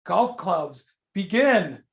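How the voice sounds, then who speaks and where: A man's voice: high-pitched, very animated, very slow. A man hosting an online improv comedy game over a video call, laughing often at the players' jokes. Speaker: improv show referee host.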